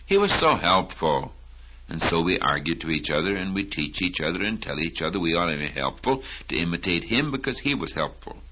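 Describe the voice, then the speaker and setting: A man preaching a sermon, teaching slowly from a Bible passage and rising to emphatic questions. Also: deep voice, lively intonation, pushed and bright, poor audio.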